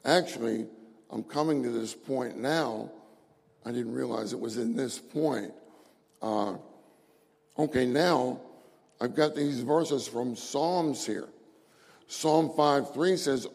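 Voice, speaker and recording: A man's voice: mid-range voice, takes it slowly, gravelly, pauses often, darkish tone. A man preaching a sermon, repeating key phrases for emphasis and reading scripture aloud. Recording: long hall reverb.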